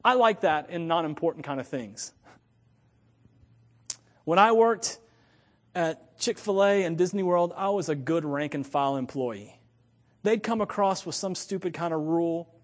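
A man preaching a sermon as pastor, animated, swinging from loud emphatic points to low, joking asides. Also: in a large hall.

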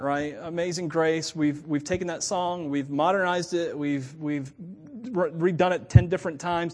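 A woman pastor giving a sermon in a casual, chatty way, with laughing asides. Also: fairly low pitch. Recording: long reverb of a church hall.

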